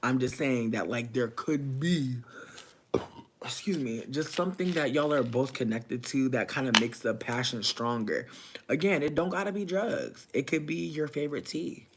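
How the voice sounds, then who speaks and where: Guy reading tarot on a livestream, slangy and loose, middle pitch, laughs loud then goes soft. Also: normal speed, slight background noise. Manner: loose slangy chatter that swings between bursts of loud laughter and soft asides. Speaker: tarot reader.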